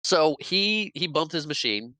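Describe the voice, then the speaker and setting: A man's voice: a little high, lively intonation, measured pace, bright, forceful tone, dry recording, poor audio. A man hosting a podcast, retelling a film's plot in casual chat and acting out its characters' lines with laughs. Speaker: podcast host. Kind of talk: casual movie recap chat.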